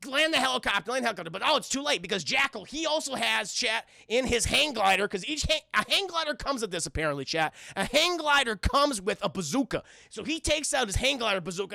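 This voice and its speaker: A man streams a rowdy, profane episode recap and talks straight to his chat. His voice is high and bright with a gravelly rasp, recorded close and completely dry. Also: brisk, few pauses, no room sound. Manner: animated and profane, addressing chat. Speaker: streamer reviewing a cartoon. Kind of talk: casual livestream recap.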